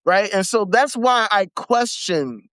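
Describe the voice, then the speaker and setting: A livestream host rants in profane, mocking commentary, breaking off to read an article aloud. The voice sits at a middling pitch. It is recorded close and dry, with no room sound. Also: animated, slow pace, a bit bright, no echo. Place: home setup for a live video.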